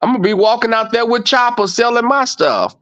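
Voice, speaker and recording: Talking a little fast in a very high voice, a male livestream host chats with viewers casually and with plenty of profanity. He tells stories animatedly, acting out the exchanges he quotes, over dull lo-fi audio.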